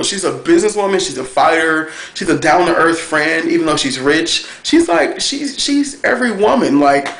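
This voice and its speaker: Gushing excitable man in an echoey room. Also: a little high, gravelly. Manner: gushing, excitable, lots of fillers. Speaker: TV review vlogger. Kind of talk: casual chat review.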